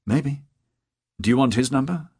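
A man voicing a sleepy, earnest young woman on the phone in an audiobook, with a soft, raised voice. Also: medium pitch, moderate pace, slightly rough, no room sound, studio quality, pitched above the performer's own voice.

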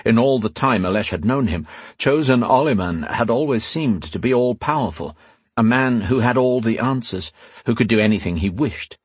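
A man narrating a fantasy story in a steady, scripted reading. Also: mid-range voice, normal speed, slightly rough, dry recording. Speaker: audiobook narrator.

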